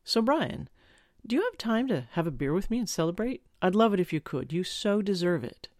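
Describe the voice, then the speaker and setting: A man's voice: high voice, big pitch swings, fairly quick, a little mellow, no room sound, clean studio sound, voice pushed up. A man voicing a friendly, flirtatious adult woman in an audiobook, speaking in a coaxing, slightly raised voice. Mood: inviting. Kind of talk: audiobook character voice.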